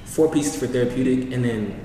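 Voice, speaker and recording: A young man recounts a wild night to his friends in relaxed, slang-heavy speech. He sits well back from the mic in a bare, echoing room with a long tail of reverb. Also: medium pitch, brisk, slight background noise. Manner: laid-back slangy storytelling. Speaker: storyteller among friends. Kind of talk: casual chat. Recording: echoey room, voice from far off.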